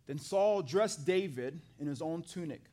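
A man preaching a sermon to a live congregation, acting out the scripture dialogue in an animated way and talking with the people in the pews. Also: on the high side, measured pace. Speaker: pastor. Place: church hall with a live congregation.

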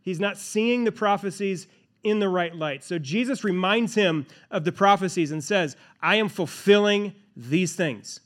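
A man's voice: high voice, unhurried. A man preaching a sermon, asking rhetorical questions and repeating key phrases for emphasis. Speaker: pastor.

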